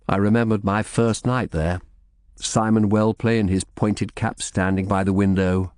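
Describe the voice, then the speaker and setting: A man narrating an audiobook in the first person, in a measured storytelling manner. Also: lowish voice, a little mellow, no echo, studio quality.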